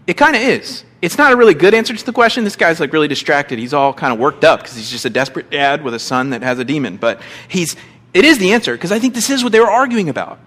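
High-voiced man preaching, animated. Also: fast talker. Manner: expressive preaching with acted-out quotes and big pitch swings. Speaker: pastor. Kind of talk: sermon.

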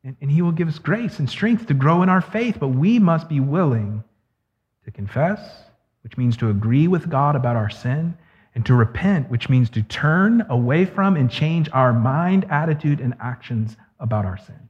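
A man preaching a sermon as pastor, earnest and slowing down to stress key words. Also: fairly high pitch, lively intonation. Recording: echoey hall, dull lo-fi sound.

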